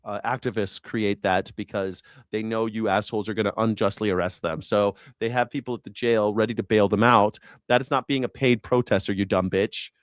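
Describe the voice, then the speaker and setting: A man's voice: lowish voice, steady tone, fairly quick, few pauses, no room sound, clean studio sound. A man hosting a news reaction show, sarcastic and incredulous and swearing freely. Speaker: host.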